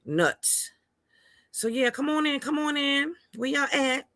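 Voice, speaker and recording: A woman's voice: sits high, animated, slow pace, no echo. Emphatic woman hosting a livestream. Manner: greets viewers warmly by name; emphatic, repeats words for stress. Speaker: livestream host. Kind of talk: casual live-stream chat.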